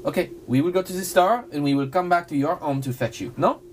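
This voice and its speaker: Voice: medium pitch, fast, slight background noise. A player speaking in character in a playful, stilted, formal way. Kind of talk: in-character tabletop role-play.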